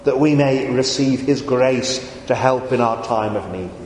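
A man preaching a communion sermon in a church, slow and earnest, repeating his phrases. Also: mid-range voice, a little mellow. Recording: echoey hall, faint room noise.

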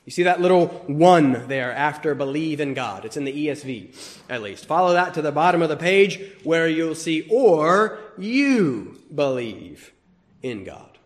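A man preaching a sermon, swinging between loud emphasis and hushed asides, teasing the congregation now and then. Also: on the high side, normal speed. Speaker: pastor.

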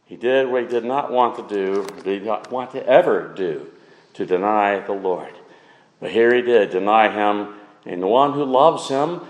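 A man preaching a sermon, emphatic and repetitive, with wide swings between loud and quiet. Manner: emphatic, repeats phrases, wide swings in pitch and loudness. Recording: echoey hall with long reverb.

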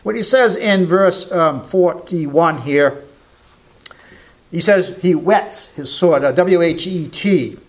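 A man's voice: fairly high pitch, takes it slowly. A man preaching a sermon, emphatic, quoting scripture and asking rhetorical questions. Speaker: pastor.

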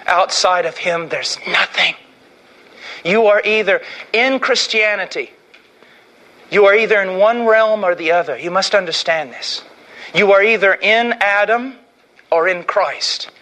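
A middle-aged man preaching an impassioned sermon, swinging from hushed, slow lines to shouted ones. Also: sits high.

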